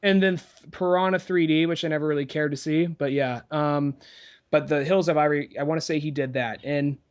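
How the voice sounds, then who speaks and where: A man's voice: a little high, fairly even intonation, moderate pace, smooth, muffled recording. A young man co-hosting a podcast, retelling a film plot in rambling casual chat, full of fillers and swearing. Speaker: podcast co-host.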